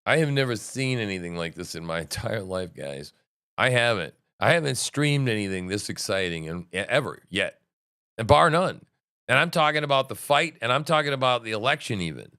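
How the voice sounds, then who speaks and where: A man hosting a livestream, reacting to a meeting with excitable, profane commentary that swings between loud outbursts and muttering. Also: on the low side, a little fast, clear, resonant tone, no echo, clean studio sound. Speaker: livestream host.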